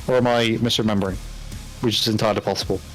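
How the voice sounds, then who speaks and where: A man's voice: lowish voice, steady tone, rapid-fire, over music, low-quality recording. A chatty British man hosting a casual painting stream, laughing often. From United Kingdom. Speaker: stream host.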